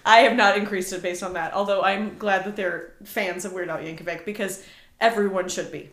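A woman in her thirties co-hosting a podcast in casual chat, talking in a lively, emphatic way and acting out what people say. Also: medium pitch, fairly quick. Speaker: podcast co-host. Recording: echoey room.

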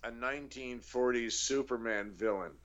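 Bright-voiced male comedy guest. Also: medium pitch, moderate pace, highs cut off. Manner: playful, riffs on comic ideas. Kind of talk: casual podcast banter.

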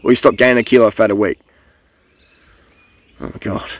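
A man's voice: lowish voice, steady tone, a little fast. A young man talking to camera outdoors in a blunt, rambling, profane way about cycling habits. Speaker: cycling vlogger. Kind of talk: casual rambling monologue.

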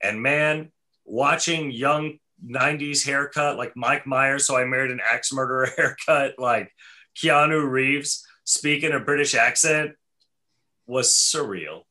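A man's voice: mid-range voice, a little slow, pushed and bright. A man chatting casually on a podcast, telling a rambling story with lots of fillers. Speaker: podcast co-host. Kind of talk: casual chat.

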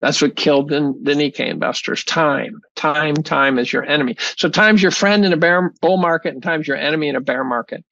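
A gravelly man with a slightly high voice talks through an interview bluntly, swearing and restarting his sentences as he goes. The sound is dull and dry. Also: fairly quick, hardly any pauses, pushed and bright, no echo. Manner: blunt, profane, rambling with many restarts. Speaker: guest, chemistry professor. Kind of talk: casual interview talk.

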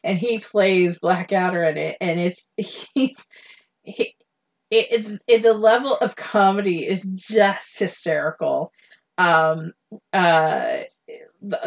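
A woman's voice: medium pitch, muffled recording. A woman co-hosting a podcast in casual chat, rambling with frequent laughs and restarts. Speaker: podcast co-host.

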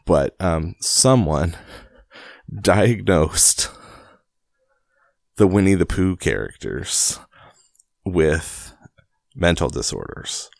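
Low gravelly guy rambling about a book in his basement, dry close sound. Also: a little mellow, no echo. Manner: rambling, self-deprecating, laughs often. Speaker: podcast host reading a book. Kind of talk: casual storybook reading and chat. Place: home basement at night.

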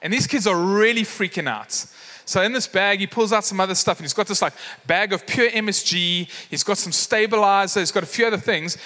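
A man's voice: high-pitched, fairly quick, bright, forceful tone. A man preaching a sermon, telling a story with acted voices and lots of fillers. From South Africa. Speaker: pastor. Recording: long hall reverb.

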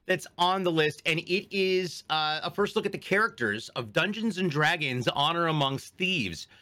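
Bright-voiced podcast man. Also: on the high side, normal speed. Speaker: podcast co-host. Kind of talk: casual podcast chat.

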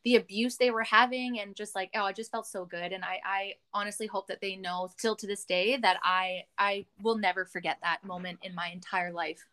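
A woman's voice: mid-range voice, fairly even intonation, fairly quick, few pauses, pushed and bright. A woman from Canada hosting a podcast, chatting candidly and swearing freely. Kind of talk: casual podcast chat.

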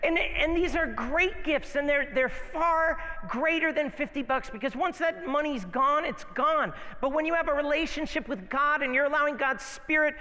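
A male pastor delivers an animated, playful sermon, often repeating his phrases. His voice is high and bright. The church hall gives it a long reverb. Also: moderate pace, hardly any pauses.

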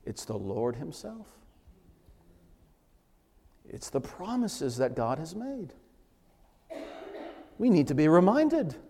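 A man's voice: on the high side, big pitch swings, takes it slowly, long pauses, mellow. A male pastor preaching a sermon, rising emphatically when he quotes scripture. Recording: long hall reverb.

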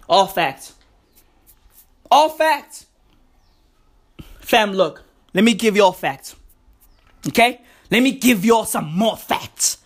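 A woman's voice: a little high, fairly bright tone. A woman with a South African accent delivering a profane, slangy comic rant with mocking, emphatic repetition.

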